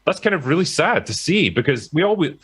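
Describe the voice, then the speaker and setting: A man's voice: on the high side, very animated, a bit bright, breathy edge. A British man talking about films in a podcast chat, with many fillers and restarts. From Britain. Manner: halting, filler-heavy. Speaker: film commentator guest. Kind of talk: podcast conversation.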